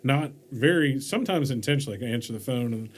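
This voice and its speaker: A man's voice: medium pitch, animated, fast, a little hiss or hum. A man hosting a podcast, asking questions and telling stories in a chatty, rambling, jokey way. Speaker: podcast host. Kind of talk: casual podcast interview.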